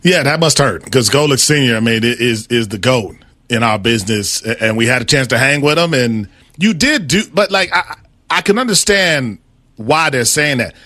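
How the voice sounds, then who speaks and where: A man's voice: mid-range voice, expressive, moderate pace, bright, forceful tone, dry recording. A man co-hosting a sports talk show, teasing his partner in casual banter. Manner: teasing, laughs often.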